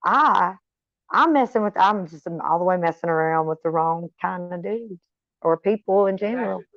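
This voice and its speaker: Middle-aged woman vlogger, lower voice, chatty and profane, dull dry sound. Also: moderate pace, fairly bright tone, no room sound. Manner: chatty, swears freely, wanders off on tangents. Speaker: vlogger talking to viewers. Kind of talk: casual rambling chat. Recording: slightly dull, dry recording.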